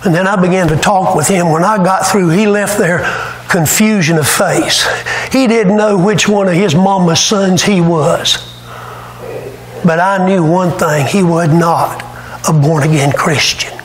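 A man's voice: high-pitched, measured pace. A man preaching a revival sermon, telling stories with fervor. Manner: fervent storytelling preacher, rising to shouts. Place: church sanctuary. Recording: echoey church room, faint ambience.

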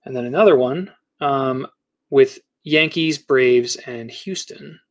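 A man's voice: medium pitch, slow pace. A middle-aged man hosting a casual live card break, rattling off player names and teams as he opens packs.

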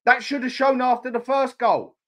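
A man's voice: very high-pitched, normal speed. Sweary, fuming man ranting. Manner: furious, sweary, blunt. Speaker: fan channel host. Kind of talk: angry live-stream football rant.

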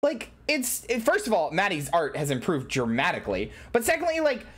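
Bubbly, animated woman streamer. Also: lowish voice, a little fast, breathy edge. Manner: excitable, animated, swears, repeats herself. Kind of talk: casual live-stream chat.

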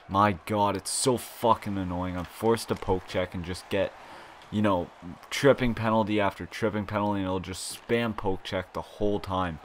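A young man talks through his own video game match in a lowish, unhurried voice. He mutters and swears when things go wrong and bursts into loud, excited shouts when things go right. This is casual live gameplay commentary. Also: a little hiss or hum. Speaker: gaming YouTuber.

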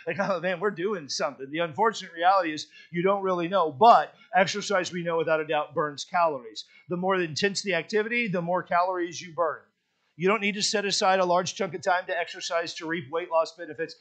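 A man preaching as a pastor, telling folksy, joking stories with lively emphasis in a church sermon. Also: sits high, brisk.

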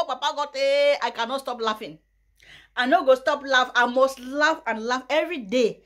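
Nigerian woman, young adult, mocking gossip vlog, bursts of loud laughter, slightly high voice. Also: normal speed, pauses often. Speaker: YouTuber. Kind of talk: mocking gossip commentary in Pidgin.

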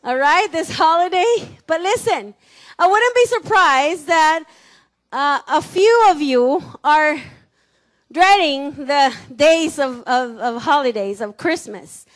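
A high-pitched woman with a Mexican Spanish accent preaches a sermon in a church. She teases her congregation, laughs easily and has them repeat words back to her. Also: expressive, slow. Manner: playful, laughing, calls for congregation responses. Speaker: pastor. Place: church sanctuary.

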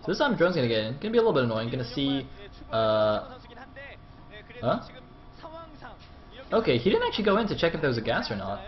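A man's voice: medium pitch, very animated, fast, long pauses, lo-fi sound. Self-mocking male esports caster. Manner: rambling and self-mocking, swears. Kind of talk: casual game commentary.

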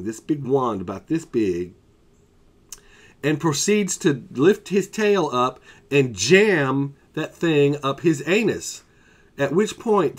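Guy telling a funny story, wry and fed up, voice jumps around a lot. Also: fairly high pitch. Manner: animated, exasperated humor. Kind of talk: casual anecdote.

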